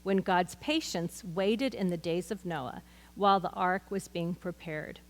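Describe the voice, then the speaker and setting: A woman's voice: lowish voice, measured pace, in a large hall. A woman teaching a Bible study in an earnest, conversational way, mixing scripture with personal stories.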